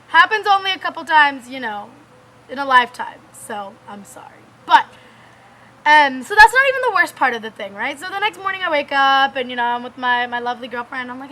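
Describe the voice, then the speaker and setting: A young woman vlogger telling a personal story in a casual, animated way, with lots of fillers and frequent laughs. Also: high-pitched, a little fast.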